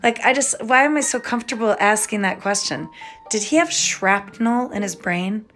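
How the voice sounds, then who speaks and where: A woman at home giving a giggly, excitable, rambling late-night monologue that jumps from one thought to the next. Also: mid-range voice. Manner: giggly, excitable, stream-of-consciousness. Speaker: podcaster.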